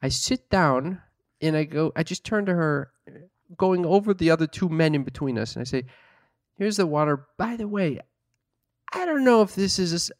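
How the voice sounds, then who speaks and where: A man's voice: a little high, animated, moderate pace, no echo, clean studio sound. A man telling a story in casual chat, swearing a lot, exasperated, mimicking other people in mocking voices. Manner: profane, exasperated storytelling with mocking put-on quotes.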